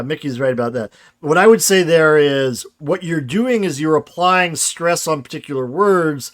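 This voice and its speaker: A man teaches grammar over a casual livestream, with a voice pitched a little higher than most men's. He explains in a loose, conversational way, reading out chat questions and often checking in with the audience. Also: a bit bright. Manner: casual explanatory, reads chat questions aloud, frequent "right?". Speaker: grammar lecturer. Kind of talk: livestreamed lecture with chat replies.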